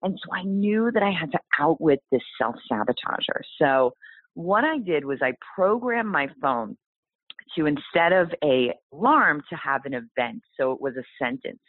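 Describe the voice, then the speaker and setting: Lively woman storyteller on a tinny line. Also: deep voice, moderate pace, no echo. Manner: animated, exclaiming, acts out quoted voices. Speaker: guest author. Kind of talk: storytelling in a podcast interview.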